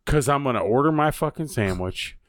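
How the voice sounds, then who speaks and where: A man's voice: mid-range voice, lively intonation, a little fast, no room sound, studio quality. A man co-hosting a podcast, ranting heatedly with constant swearing in casual chat. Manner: heated, profane ranting with threats. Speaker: podcast co-host.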